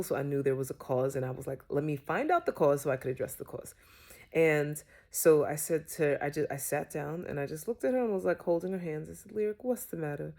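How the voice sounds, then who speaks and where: Low gravelly-voiced woman. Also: warm tone. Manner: unhurried, chatty with frequent fillers. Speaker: parenting creator. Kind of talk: casual personal storytelling.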